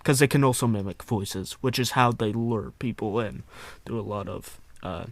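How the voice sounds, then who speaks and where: A Canadian man co-hosting a podcast, chatting in an animated, joking way with quick asides. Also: fairly low pitch, no echo. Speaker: podcast co-host. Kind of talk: casual chat.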